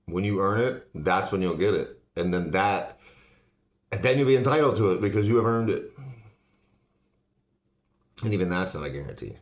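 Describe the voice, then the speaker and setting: A man's voice: deep voice, expressive, moderate pace, pauses often. A man talking bluntly in a casual monologue, swearing constantly as he rants. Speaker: host. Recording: echoey room.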